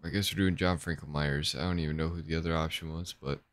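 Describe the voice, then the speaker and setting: A young man with a very deep voice talks over his gameplay in an easygoing, meandering way, thinking aloud as he goes. The sound is dry and close, with no room echo. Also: steady tone, quick pace. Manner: laid-back and rambling, thinking aloud. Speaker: gaming channel host. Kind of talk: casual gameplay commentary.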